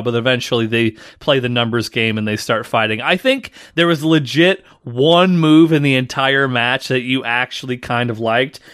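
Male podcast co-host, teasing recap voice, bright tone, very dry close sound. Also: medium pitch, no echo. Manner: teasing, recaps match play by play. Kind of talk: casual wrestling recap chat.

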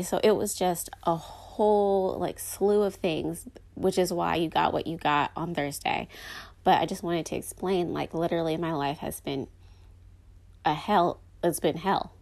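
Fairly low in pitch, with a gravelly, darkish tone, a young woman hosts a podcast on her own. Her casual solo chat rambles along, full of fillers.

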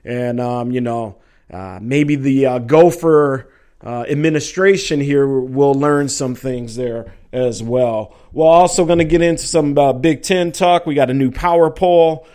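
A man's voice: medium pitch, measured pace, a little mellow. A middle-aged man hosting a casual sports talk show, rambling and joking with listeners. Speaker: sports podcast host.

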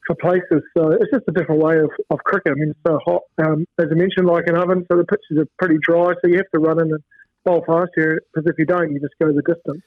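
Fast-talking man on a tinny phone line. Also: fairly high pitch, no room sound. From New Zealand. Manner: relaxed, rambling with many fillers. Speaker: guest, former fast bowler now coaching. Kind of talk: casual phone interview. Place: home in Queensland, by phone.

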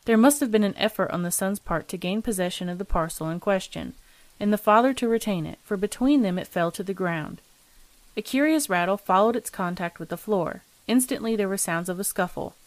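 A woman's voice: mid-range voice, brisk, dry recording. Woman reading a ghost story, dry close sound. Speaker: narrator, host.

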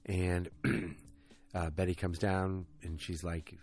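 A man's voice: low voice, level tone, takes it slowly, a little mellow. A man casually recapping a TV episode, ranting, swearing and drifting off on tangents.

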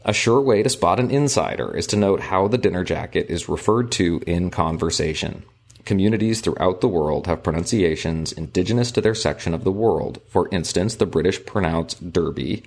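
A man co-hosting a podcast, reading aloud from a local history book in a measured, deliberate way. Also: low voice. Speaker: podcast co-host.

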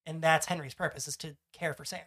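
A man's voice: a little high, fairly even intonation, fast, bright, forceful tone. A man co-hosting a podcast, recapping a TV episode in casual chat, rambling and swearing as he acts out lines from the show. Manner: rambling, profane, acts out quotes with shifting voices. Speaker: podcast co-host.

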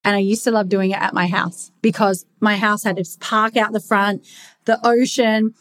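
A woman's voice: mid-range voice, flat delivery, moderate pace, a bit bright. A young woman talking bluntly in a casual confessional monologue, swearing freely as she rants.

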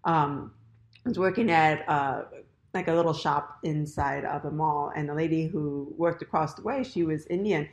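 A woman's voice: low-pitched, moderate pace. A young woman hosting a casual chat, laughing easily and telling her own story. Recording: echoey room.

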